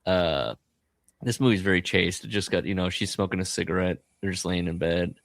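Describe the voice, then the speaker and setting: A man's voice: sits low, a little fast, creaky, dry recording. A man hosting a podcast, chatting casually about a film and acting out the characters' lines as he retells it. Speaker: podcast host.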